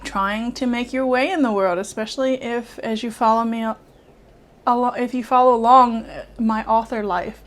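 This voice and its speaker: A middle-aged woman talking from the heart to her viewers in a personal vlog, halting and earnest, often restarting and close to tears at times. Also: fairly high pitch, steady tone. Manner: earnest, halting, with many restarts and soft laughs. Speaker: art YouTuber and children's author. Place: home studio with painting behind.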